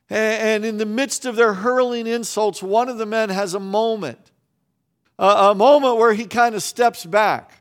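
A man with a high voice preaching a sermon at an unhurried, deliberate pace. He leans on repetition and pauses for weight, and when he speeds up he stumbles into restarts and doubled words. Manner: restarts and repeated words when speaking quickly. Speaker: pastor.

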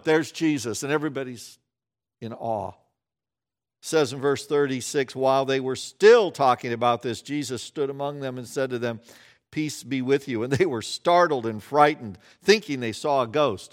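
A man preaching a sermon, telling the story in an animated way and acting out the scenes, often dropping to a quiet voice. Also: medium pitch, normal speed. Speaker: pastor.

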